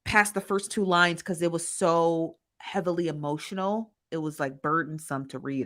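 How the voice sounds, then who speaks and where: A woman's voice: on the low side, fairly even intonation, fairly quick, hardly any pauses, a bit bright. A woman hosting a casual live-stream commentary, laughing often and calling viewers "honey" and "child" as she reads the chat.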